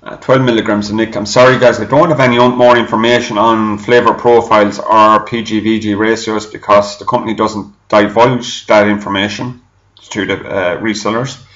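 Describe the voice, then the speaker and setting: A man's voice: lowish voice, little pitch movement, normal speed, fairly bright tone, echoey room, muffled recording. A man giving a chatty, rambling product review to camera, often repeating himself. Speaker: e-liquid reviewer.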